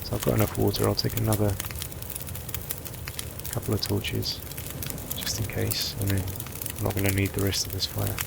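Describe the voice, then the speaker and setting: Gravelly low-voiced man thinking aloud. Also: monotone, normal speed, pauses often, heavy background noise. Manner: thinks aloud while managing supplies. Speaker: gameplay commentator. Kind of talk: relaxed let's-play commentary.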